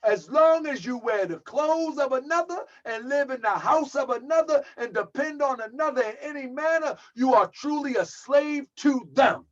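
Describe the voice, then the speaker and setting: A man giving emphatic preaching commentary as a religious teacher, slowing down and repeating lines for stress. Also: very high voice. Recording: dull lo-fi audio.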